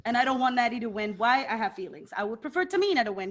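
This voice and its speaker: A woman co-hosting a casual wrestling podcast, animated and playful, jumping between sighs and excited outbursts. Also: a little high, quick pace, lo-fi sound. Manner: animated, playful, swings into mock voices. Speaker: podcast co-host. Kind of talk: casual chat.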